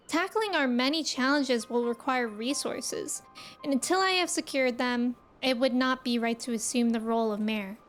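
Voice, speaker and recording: A woman reading the lines of an earnest, modest older male town leader in a fantasy game, in a measured, formal way. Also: high voice, lightly acted.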